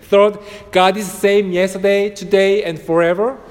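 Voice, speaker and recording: High-voiced preacher in an echoing hall. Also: male voice, level tone, normal speed, a little mellow. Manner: preaching with repeated phrases and swelling emphasis. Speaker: pastor. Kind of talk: sermon. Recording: long hall reverb.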